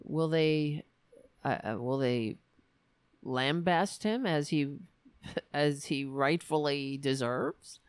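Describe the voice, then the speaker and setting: A woman's voice: sits low, slow, smooth, no room sound. A woman hosting a political commentary show, ranting in a sarcastic, profane, exasperated way.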